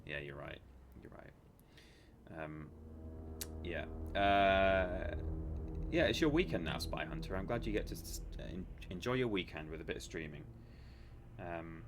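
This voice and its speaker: Joking streamer, low voice. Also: male voice, lively intonation, unhurried, pauses often, a little hiss or hum. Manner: chatty, jokey, reads chat aloud with mock defensiveness. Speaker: livestream host. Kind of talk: casual live-stream chat.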